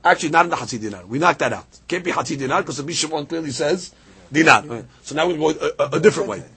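Teaching Talmud at a rapid-fire pace, this man has a husky voice on the higher side. He explains a passage back and forth, reads out Aramaic lines between stretches of English, and grows animated, jumping up sharply on the important points.

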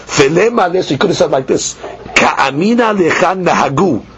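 A man teaching a lively Talmud class, acting out both sides of the argument. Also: fairly high pitch, moderate pace, crowd noise. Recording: dull lo-fi recording.

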